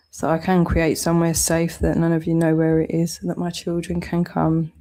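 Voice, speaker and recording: A woman's voice: on the low side, darkish tone. A British woman with a southeast English accent, delivering a heated, accusatory vlog rant full of swearing. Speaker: channel owner.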